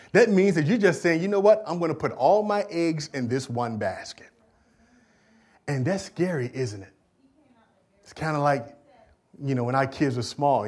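A middle-aged male pastor preaching a sermon in a church, swinging from quiet asides to loud, emphatic declarations. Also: mid-range voice.

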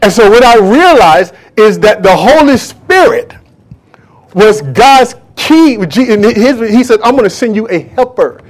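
A male pastor with a high voice preaches a sermon in church with fervent energy, repeating phrases for emphasis and repeatedly asking the congregation questions to drive his points home. His intonation is lively, his speed normal, and he leaves few pauses.

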